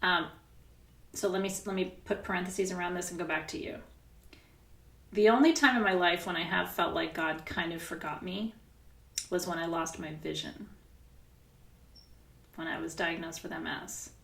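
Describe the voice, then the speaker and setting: Candid, animated middle-aged woman coach. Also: on the low side, normal speed, gravelly, pauses often, reverberant. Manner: candid, animated storytelling with laughs and swearing. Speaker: spiritual coach. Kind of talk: casual coaching session.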